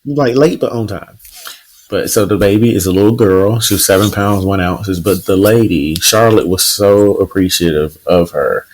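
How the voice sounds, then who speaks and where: A man co-hosting a podcast, telling a news story in relaxed casual chat with plenty of fillers. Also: sits low, normal speed, rough recording. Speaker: podcast co-host.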